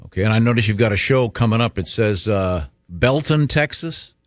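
A man hosting a casual interview, relaxed and chatty, reading out show dates. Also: on the low side, moderate pace, no room sound, clean studio sound. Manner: relaxed, reads tour dates. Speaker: radio interviewer.

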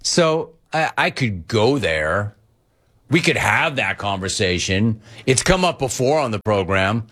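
A man hosting sports talk radio, ranting in an animated way and mimicking other people as he talks. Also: on the low side, unhurried. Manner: animated, ranting, quoting others in mock voices.

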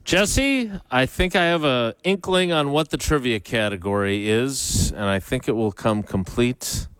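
A man co-hosting a sports radio show, steering segments with dry, steady humor. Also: mid-range voice, unhurried, clean tone, no echo. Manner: dry, steady, plays along with the jokes. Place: radio studio.

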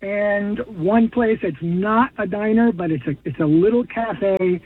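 A man calling in to a radio show, listing places with halting restarts. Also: high-pitched, husky. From New Jersey. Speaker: caller. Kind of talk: call-in radio chat. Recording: phone line.

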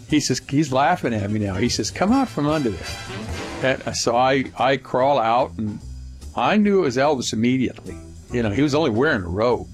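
An older man casually telling a personal anecdote in vivid present tense, with restarts along the way. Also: medium pitch. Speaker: storyteller.

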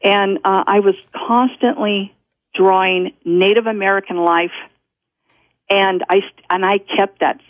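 A woman's voice: medium pitch, fairly even intonation, measured pace, no room sound. Woman telling a story over a phone line. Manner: rambling, self-interrupting, laughs often. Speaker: guest. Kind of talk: personal storytelling interview. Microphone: telephone.

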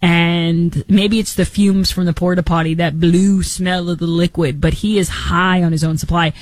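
A woman's voice: on the low side, steady tone, moderate pace, a little mellow, dry recording, rough recording. A woman hosting a political talk show, giving opinionated commentary with incredulous rhetorical questions.

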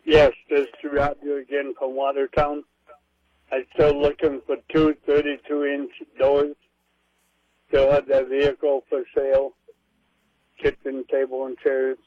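A man calling a radio show to list items, in a flat, matter-of-fact way. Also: mid-range voice, a little slow, no echo. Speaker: caller. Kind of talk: phoned-in listing. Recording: dull phone line.

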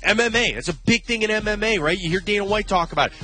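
Emphatic sports radio host, bright voice. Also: male voice, high voice, quick pace, faint music behind. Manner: emphatic, repeats points for stress. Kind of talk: casual sports talk.

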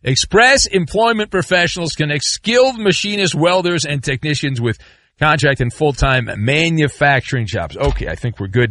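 A man's voice: fairly high pitch, moderate pace, dry recording, clean studio sound. A middle-aged man hosting sports talk radio, ranting and joking with mock outrage and rambling asides. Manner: animated, rambling, sarcastic rants with mock outrage.

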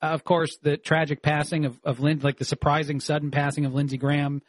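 A man filling in as a talk show host, arguing his opinions in an animated way. His voice sits a bit high and he scatters "uh" fillers through his sentences. The sound is dry and close to the mic. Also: brisk, no room sound. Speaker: fill-in radio talk host. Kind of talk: opinionated talk radio commentary.

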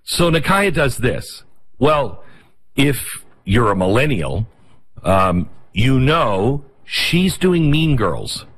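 A middle-aged man hosting a talk show, delivering a rapid, sarcastic opinion monologue. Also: medium pitch, big pitch swings, a bit bright, breathy edge.

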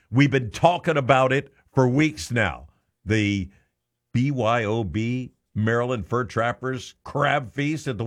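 An energetic male morning radio host, talking in a studio. His pitch springs up high on key words, and he sounds lively and keen. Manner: energetic, upbeat, pitch jumping up on phrases. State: out of breath. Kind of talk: morning radio chatter and promo.

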